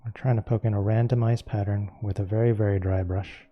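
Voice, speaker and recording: A man teaching a painting lesson, explaining each step calmly and unhurriedly as he works. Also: on the low side, brisk, lo-fi sound. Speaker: painting instructor.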